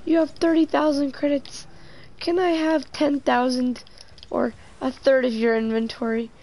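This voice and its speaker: A woman's voice: high-pitched, flat delivery, unhurried, darkish tone. A woman voicing a whiny, greedy young player who begs over and over for free items. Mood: whiny pleading. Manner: pleading, repeating "please" over and over.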